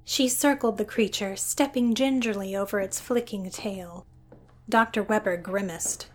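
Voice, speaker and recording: A woman narrating a scripted story in an even, descriptive way. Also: medium pitch, a little slow.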